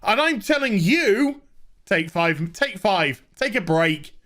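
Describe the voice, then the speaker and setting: A man's voice: high-pitched, very animated, slow, a bit bright, heavily acted. A man voicing a smug middle-aged female vigilante heroine in a mocking sing-song impression.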